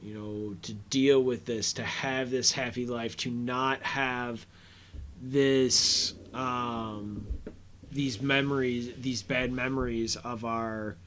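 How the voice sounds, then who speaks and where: A man's voice: mid-range voice, fairly even intonation, slow pace, fairly bright tone, a little hiss or hum. A man hosting a podcast, recapping a TV episode in a rambling, casual way and paraphrasing scenes. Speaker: podcast host.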